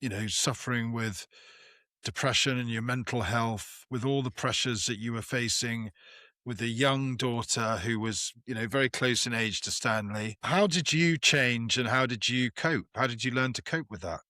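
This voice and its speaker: A man hosting a podcast, asking gentle and empathetic interview questions. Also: mid-range voice, moderate pace, no room sound, studio quality.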